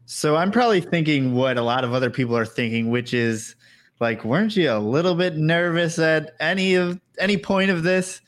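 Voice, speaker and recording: A man interviewing a guest, asking curious questions in a relaxed, casual way. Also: on the high side, normal speed.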